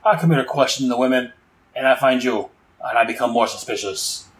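A suspicious crime boss, voiced by a man reading comic lines. He speaks slowly and formally in a low, level tone. He sounds calmly threatening. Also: close to an everyday voice.

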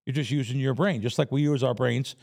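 A man's voice: mid-range voice, brisk, gravelly. A man from the Bronx, a professional sports bettor telling stories bluntly in a casual interview. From New York, the Bronx. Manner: blunt, animated storytelling.

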